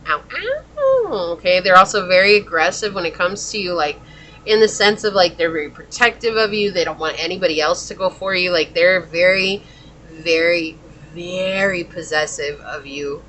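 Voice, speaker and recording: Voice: mid-range voice, normal speed, sharp tone, slight background noise, poor audio. A tarot reader giving a pick-a-card reading in a chatty, exclamatory way, calling out to spirit guides aloud.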